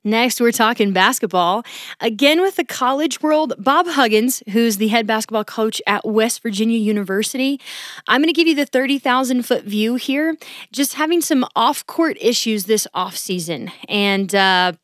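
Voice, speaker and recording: A woman's voice: a little high, expressive, normal speed, no echo, clean studio sound. A woman hosting a solo sports recap podcast, chatty and upbeat, with a casual, enthusiastic delivery.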